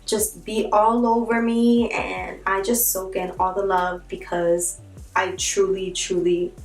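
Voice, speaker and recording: A woman's voice: medium pitch, far from the mic. A young woman speaks candidly to her viewers in a chatty, heartfelt way. Her voice is picked up from a little way off the mic in a reverberant room, with faint music underneath. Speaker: vlogger. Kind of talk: casual vlog talk to camera.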